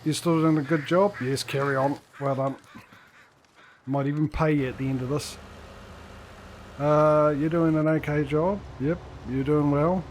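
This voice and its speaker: A man's voice: a little high, flat delivery, a little slow, pauses often, a little mellow. Male streamer, casual dry-humoured gameplay chat, faint hiss behind. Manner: chatty, talks to in-game workers, dry jokes.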